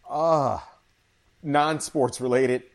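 A man from Chicago who works as a sports broadcaster, telling stories in a casual interview, animated, with many fillers and restarts. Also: medium pitch, drawn-out words.

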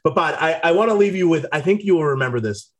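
A man, a former college player, telling animated stories in a casual chat. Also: a little high. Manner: animated storyteller, quick to laugh.

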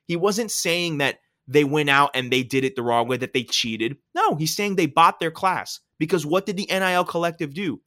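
A man's voice: on the high side, moderate pace, few pauses, pushed and bright, no room sound, clean studio sound. A man hosting a casual sports talk show, explaining his points emphatically and often checking in with "right?".

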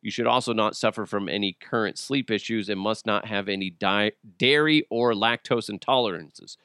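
Speaking at a normal speed in a fairly low, clear, resonant voice that's a bit bright, this solo podcast host jokes crudely and riffs casually, throwing in silly voices. The studio sound is clean, with no room sound.

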